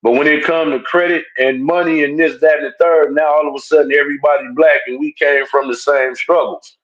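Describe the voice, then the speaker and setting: A man's voice: a little high, fairly even intonation. Man on dull, lo-fi audio. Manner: measured, reasoning aloud step by step. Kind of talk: casual debate on a live stream.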